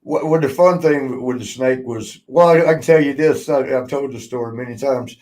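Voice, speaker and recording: An older man spins backstage stories in loose, casual podcast talk. He laughs a lot and swears freely, and he acts out the people he quotes. His voice sits at a middle pitch. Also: moderate pace, darkish tone. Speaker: podcast host, former wrestler. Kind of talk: casual storytelling chat.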